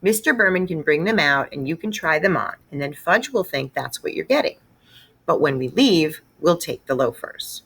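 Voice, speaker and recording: A woman's voice: low voice, animated, normal speed, fairly bright tone, slightly rough, exaggerated voice. A woman voicing a fussy, worried mother who frets and scolds. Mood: scheming. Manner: fretful, scolding.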